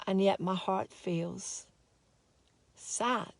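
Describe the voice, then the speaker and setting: A woman teaching a spiritual course in a slow, soft, heartfelt way, openly sad as she talks. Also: mid-range voice, fairly even intonation, vocal fry, no room sound. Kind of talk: reflective spoken talk.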